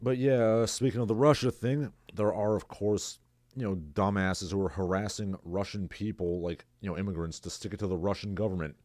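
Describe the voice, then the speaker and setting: In a dry recording, a male livestream host talks in a somewhat low, slightly mellow voice, steady in tone and fairly fast. He rambles sarcastically on his own in casual commentary, reading viewers' chat messages aloud.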